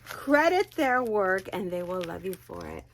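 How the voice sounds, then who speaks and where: A woman crochet vlogger chatting excitedly as she unboxes birthday gifts, gushing and exclaiming often. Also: medium pitch, a little slow, a little hiss or hum.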